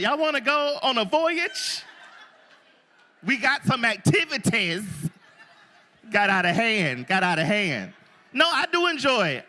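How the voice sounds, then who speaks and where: Male stand-up comic from Florida, high bright voice, loud crowd work, live show. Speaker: stand-up comedian. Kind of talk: stand-up comedy set. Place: live show before an audience.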